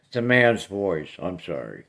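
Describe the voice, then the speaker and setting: A man's voice: low voice, very animated, unhurried, vocal fry, fairly bright tone. A man, talking bluntly and plainly to camera about his paranormal recordings. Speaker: paranormal vlogger. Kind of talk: casual talk to camera.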